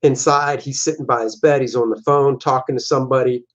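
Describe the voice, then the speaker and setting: A man's voice: medium pitch, brisk. Casting: easygoing male comic artist, mid-range voice, rambling stream talk, slightly dull lo-fi audio. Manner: relaxed, rambling, acts out panel dialogue in silly voices. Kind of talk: casual livestream commentary.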